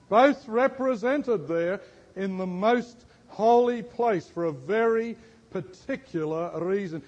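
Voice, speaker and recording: Male preacher, slightly high voice, slow deliberate delivery, emphatic teaching style, hall reverb. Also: a little mellow, lo-fi sound. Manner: teaching, quizzes the audience, emphatic. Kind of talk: sermon.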